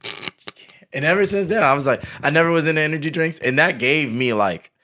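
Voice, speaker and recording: A young man hosting a podcast, telling animated stories in casual chat, acting out quotes and laughing often. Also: a little high, fast. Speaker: podcast host.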